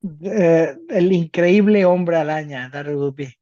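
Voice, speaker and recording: A man from South America co-hosting a podcast in casual chat, animated and laughing, swearing casually. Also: a little high, unhurried, highs cut off. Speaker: podcast co-host.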